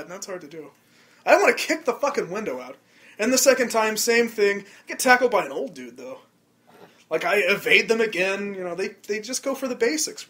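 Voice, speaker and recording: A man's voice: high voice, a little fast. A man hosting a casual podcast chat, telling stories with lots of swearing, laughter and acted-out quotes, with a slightly stuffy nose. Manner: animated, acts out quotes, laughs often, swears freely. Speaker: podcast host.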